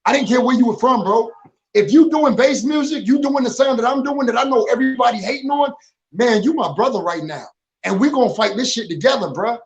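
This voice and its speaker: A man's voice: extremely high pitch, brisk, highs cut off. A man, a rapper and producer, talking as a guest in a casual interview, emphatic, using street slang and stacking repeated words when he gets going.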